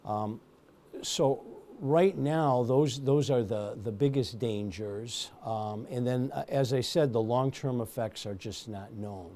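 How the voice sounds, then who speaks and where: Slow, mellow-voiced male lung doctor. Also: mid-range voice. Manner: measured, many ums and uhs. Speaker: pulmonologist guest. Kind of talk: medical interview answers.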